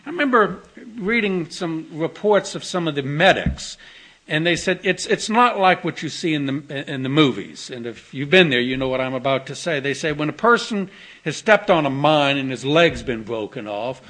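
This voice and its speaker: Earnest bright-voiced preacher man. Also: a little high, lively intonation, moderate pace. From Texas. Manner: gentle, earnest storytelling with soft dips and tender emphasis. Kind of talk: sermon.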